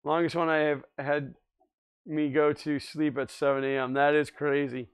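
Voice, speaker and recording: A man hosting a livestream chats casually, reads viewer comments aloud, and laughs often in an easygoing way. His voice is on the high side, clear and resonant, with little pitch movement and a normal pace.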